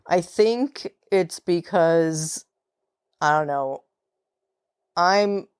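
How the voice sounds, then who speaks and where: Low, unhurried New York woman. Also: clean tone, no echo, clean studio sound. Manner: chatty, laughs often, many fillers. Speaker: podcast host. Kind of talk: casual solo podcast talk.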